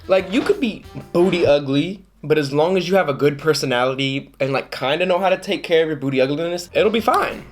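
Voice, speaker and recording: A man telling a dating story to camera in a casual, jokey way, often jumping into high mock voices. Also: brisk, few pauses, soft background music.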